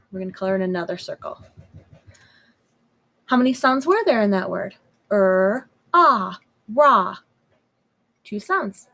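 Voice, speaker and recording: Woman, first grade teacher, unhurried and clear, sounds out phonics. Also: mid-range voice, expressive, pushed and bright, poor audio. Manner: sounds out words slowly and clearly. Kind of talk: slow, patient phonics lesson for young children.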